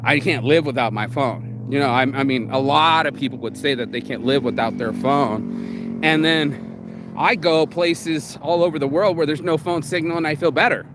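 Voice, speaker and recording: A man with a fairly high voice talks straight to the camera in a blunt, profane motivational vlog. He keeps slipping into quick acted quotes. Faint outdoor ambience and passing traffic sit under his voice. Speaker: motivational vlogger. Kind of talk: casual motivational talk.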